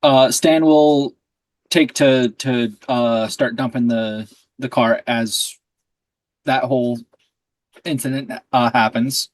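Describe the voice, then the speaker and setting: A man's voice: medium pitch, steady tone, slow pace, long pauses, no echo. A man playing a tabletop game, speaking hesitantly with many fillers. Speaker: player. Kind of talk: casual game chat.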